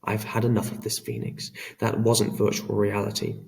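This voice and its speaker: A man's voice: on the low side, monotone, normal speed, creaky, a little mellow, recorded from a distance. A man voicing a worried middle-aged father in an audiobook, firm and clipped when he gives orders. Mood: determined.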